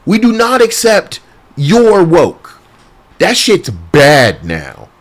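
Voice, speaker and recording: Male streamer, crude rambling rant, fairly high voice that swings widely. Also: wildly swooping pitch, drawn-out words. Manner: crude, rambling, laughs often. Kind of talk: casual livestream rant.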